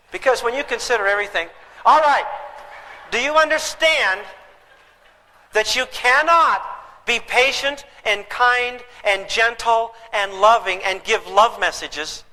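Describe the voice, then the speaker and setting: A middle-aged man giving a live parenting seminar, telling stories with humor to an audience. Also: high voice. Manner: humorous, animated storytelling to an audience. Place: seminar hall. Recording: reverberant hall.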